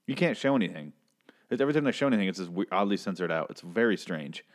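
A man's voice: sits low, animated, fast. A man casually recapping and reviewing a TV episode, blunt and profane, rambling with frequent restarts.

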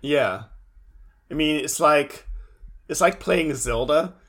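A man's voice: a little high, slow, fairly bright tone, husky. A young man co-hosting a podcast, recapping a show with dry, sarcastic quips. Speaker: podcast co-host. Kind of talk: casual chat recapping a show.

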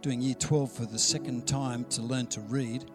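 A man's voice: mid-range voice, fairly even intonation, normal speed, music in the background. A man preaching a sermon in a conversational, storytelling way, acting out the dialogue he quotes. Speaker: pastor.

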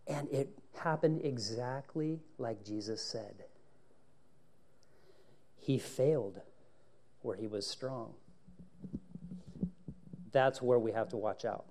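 Warm-voiced male preacher, dramatic delivery. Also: medium pitch, slow, pauses often. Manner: dramatic, swings between hushed and raised delivery; acts out scripture dialogue. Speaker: pastor. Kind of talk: sermon.

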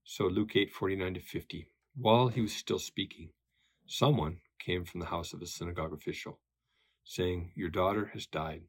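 A man's voice: sits low, moderate pace, slightly rough. A man teaching a Bible study lesson in a conversational way, with many fillers and tag questions.

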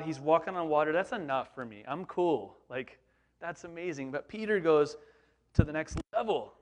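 Casual, animated preacher, man, higher voice. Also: moderate pace. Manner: conversational and animated, rhetorical questions. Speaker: pastor. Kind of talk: sermon.

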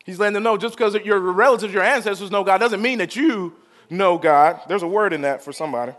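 A male pastor preaching a sermon, drawing out the crowd with call-and-response and swinging from quiet to loud. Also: high voice.

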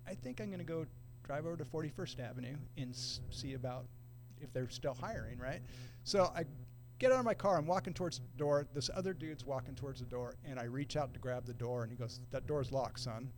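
A middle-aged man telling a long story in a relaxed, casual way, using surfer slang and acting out other people's quoted lines. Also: medium pitch, fairly quick, noisy background. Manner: laid-back surfer talk, acts out quoted voices. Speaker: podcast guest.

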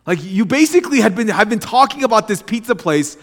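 Chatty young pastor in a reverberant hall. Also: male voice, high voice, brisk. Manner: chatty, animated anecdote telling. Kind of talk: sermon with casual storytelling.

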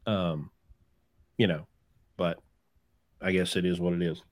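A man's voice: low voice, little pitch movement, a little slow. A man hosting a podcast, telling stories in a casual chat and acting out the people he quotes. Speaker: podcast host, trucking business owner.

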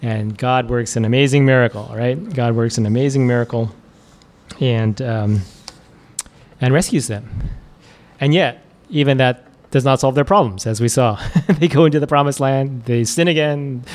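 A man's voice: medium pitch, moderate pace, darkish tone. A man preacher giving a casual, conversational sermon, chuckling often and using many fillers.

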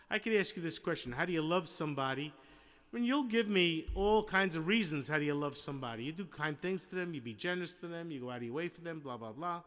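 A man's voice: fairly high pitch, bright, forceful tone, in a large hall. A man preaching a sermon in a conversational way, asking the congregation questions and acting out little scenes. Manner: conversational, with rhetorical questions and acted-out quotes.

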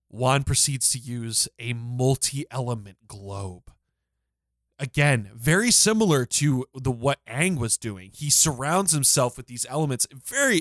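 A man's voice: mid-range voice, fairly bright tone, no echo. A man co-hosting a podcast, retelling a scene in close detail with enthusiasm. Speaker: podcast co-host. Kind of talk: casual recap discussion.

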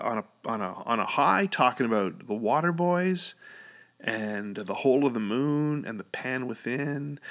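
A man's voice: mid-range voice, a bit bright. Rambling, enthusiastic middle-aged man. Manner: rambling, profane and enthusiastic, many fillers. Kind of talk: casual storytelling monologue.

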